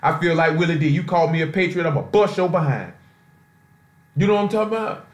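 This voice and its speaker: A man's voice: on the high side, quick pace. A man giving an informal sermon on a conference call, talking in a loose, streetwise way full of rhetorical asides. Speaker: preacher. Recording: roomy echo.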